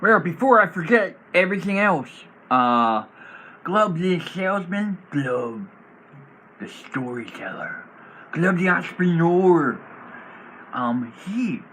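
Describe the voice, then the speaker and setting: A man rambles through a casual explanation of his tabletop character, laughing often. His voice sits a bit high and sounds bright and sharp, and his pitch swings widely. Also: lively intonation, takes it slowly, slight background noise, low-quality recording. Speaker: tabletop role-player presenting his character.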